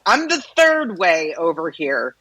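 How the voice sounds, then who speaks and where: A woman's voice: lowish voice, sing-song, takes it slowly, fairly bright tone, husky, poor audio. A woman co-hosting a radio show in casual chat, opinionated and ranting, swearing freely. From United States. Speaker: radio co-host.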